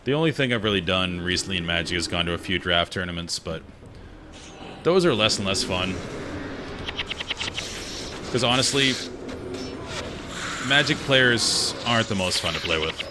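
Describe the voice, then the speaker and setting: A man's voice: deep voice, expressive, normal speed, pauses often, heavy background noise. A gaming streamer, a man, chatting casually and opinionatedly while he plays. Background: game music.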